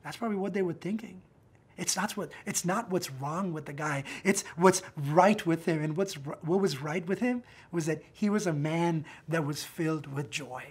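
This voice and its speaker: Male pastor, husky, lively sermon delivery, talks straight to the congregation with frequent "right?" check-ins. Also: fairly high pitch, normal speed. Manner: animated, acts out quotes, frequent "right?" tags.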